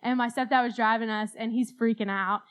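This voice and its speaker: A woman's voice: a little high, fairly even intonation, a little fast, rough recording. A young woman telling a rambling, self-deprecating story at a church talk, laughing often. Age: young adult. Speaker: speaker at a church youth talk.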